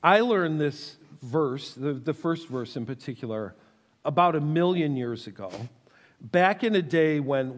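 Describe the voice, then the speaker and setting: A pastor preaching to his congregation in a conversational, teasing way, stretching out words for emphasis. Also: fairly high pitch. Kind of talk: sermon with audience questions. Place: church sanctuary. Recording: long reverb of a church hall.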